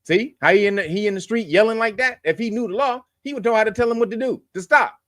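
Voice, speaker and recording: A man's voice: high-pitched, fast talker, a bit bright, no echo, studio quality. A man hosting a news commentary show, blunt and profane, lecturing his viewers. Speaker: host.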